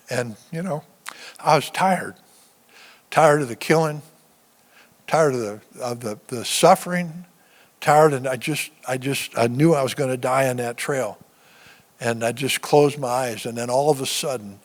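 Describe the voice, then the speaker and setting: Older man giving halting testimony. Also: medium pitch. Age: 70s. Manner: halting storytelling with many restarts. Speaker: guest speaker, veteran. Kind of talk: personal testimony sermon. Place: church sanctuary. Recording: long church-hall reverb.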